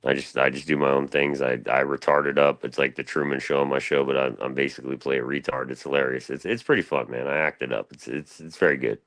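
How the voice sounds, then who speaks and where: A man's voice: a bass voice, steady tone, fast, few pauses, fairly bright tone. A young man, rambling through casual stories on a live panel stream, slangy and loose, full of fillers. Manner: laid-back, slangy, loose storytelling with lots of fillers.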